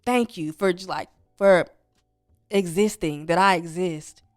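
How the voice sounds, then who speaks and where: A podcast co-host with a lowish voice talks unhurriedly in a dry, studio-quality recording. Her casual chat is reflective and earnest, framed in spiritual terms.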